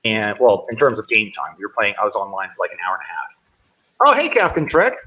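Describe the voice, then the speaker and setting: Husky, lively-voiced man streaming a game. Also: fairly low pitch, fairly quick, rough recording. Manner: rambling, with frequent self-corrections; friendly, greets viewers by name. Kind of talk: casual live-stream chat while playing.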